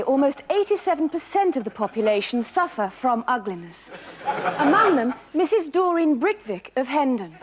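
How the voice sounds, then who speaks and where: A woman playing a chirpy, tactless female daytime TV presenter with bright, breezy patter. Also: sits high, very noisy. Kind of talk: sketch comedy.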